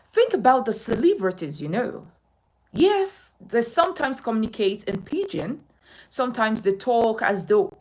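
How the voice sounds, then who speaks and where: A woman teaching a speech lesson, emphatic, her pitch rising and falling widely. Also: husky, poor audio. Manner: emphatic, sweeping rises and falls in pitch. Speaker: speech coach. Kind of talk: spoken lesson to camera.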